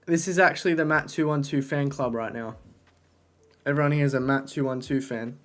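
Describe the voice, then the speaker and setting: A young man chatting casually on a live stream, talking to his chat, excitable and swearing often, into a desk microphone. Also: medium pitch, fairly quick. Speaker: livestreamer.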